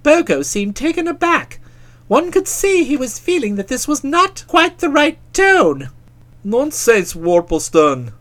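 An audiobook narrator reading a comic novel in a wry, expressive way. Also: high voice, unhurried.

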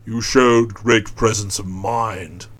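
A reader voicing an earnest, slow-witted male police constable who speaks in a heavy, dogged way. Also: mid-range voice, fairly even intonation, voice pushed down, lightly acted. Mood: stolid, earnest.

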